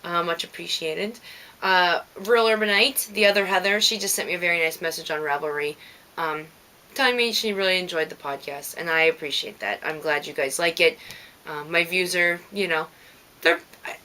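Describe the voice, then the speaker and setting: A woman's voice: on the low side, moderate pace, bright, forceful tone. A woman with a light Minnesota accent, hosting a knitting podcast in casual, rambling chat and thanking listeners by name.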